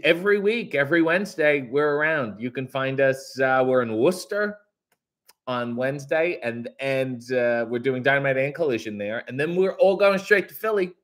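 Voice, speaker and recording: A man hosting a casual live stream, reading viewer comments aloud in a brighter voice and answering with crude, sarcastic, mock-grumpy asides. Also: medium pitch, expressive, normal speed. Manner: reads comments in a brighter, louder voice.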